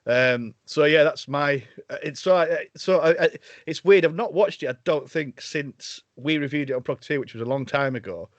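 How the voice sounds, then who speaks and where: A man's voice: a little high, normal speed, few pauses, no room sound. A man talks casually on a podcast, hesitant and often laughing. His audio sounds dull, dry and close. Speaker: podcast co-host. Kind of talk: casual chat.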